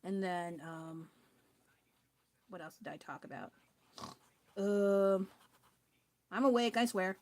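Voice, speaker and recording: Speaking at a medium pitch with a slightly mellow tone, this tired young woman takes her time and leaves long pauses. She's painting during a live stream, chatting casually, rambling and scattered, frequently laughing at herself in a self-deprecating way and losing track of what she was saying.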